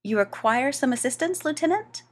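A woman voicing a cool male colonel who gives short, calm commands. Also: high voice, normal speed, slight background noise, pitched above the performer's own voice. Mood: commanding.

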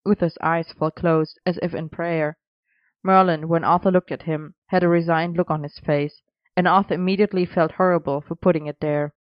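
A reader narrating a story in an even, measured way, in a dry, slightly dull recording. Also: medium pitch, dry recording. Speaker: audiobook reader.

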